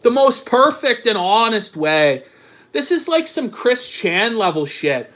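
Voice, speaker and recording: A man's voice: sits high, very animated, unhurried, bright, forceful tone. A man hosting a commentary show, mocking read-out texts in a crude, sarcastic, profane way. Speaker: commentary channel host.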